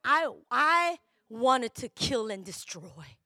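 A middle-aged woman pastor delivers an emotional, confessional sermon, her voice swinging widely and climbing into shouts at its peaks. The sound is dry and close. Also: on the high side, very animated, takes it slowly, dry recording.

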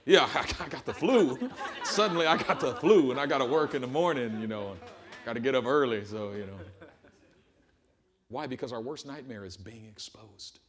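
A man preaching a sermon to a congregation in a church, telling a Bible story with humor and animated storytelling. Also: medium pitch, moderate pace. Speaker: pastor. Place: church service before a congregation.

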